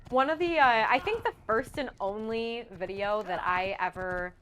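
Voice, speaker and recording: A woman's voice: fairly high pitch, normal speed, a bit bright, a little hiss or hum. A woman co-hosting a stream in casual chat, giggly and prone to exclamations.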